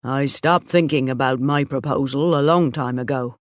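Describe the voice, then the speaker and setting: A woman reading the lines of a steady, honest young male shepherd, speaking calmly and plainly. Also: a bass voice, normal speed, dry recording, clean studio sound. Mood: firm. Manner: calm, firm and plain.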